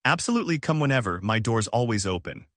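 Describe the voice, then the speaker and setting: A kind, caring aunt, read by a man in a storybook tale, soothing and reassuring. The delivery swings in pitch with lively intonation. The sound is dry and close. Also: fast, dry recording. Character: kind caring middle-aged aunt, woman.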